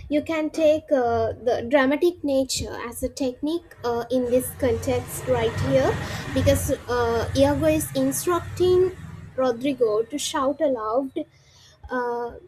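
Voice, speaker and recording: A woman teaching a literature lesson, explaining step by step, with frequent "uh" pauses and check-ins of "right?" and "okay?". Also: high voice, darkish tone, slightly rough, low-quality recording. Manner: frequent "uh" hesitations.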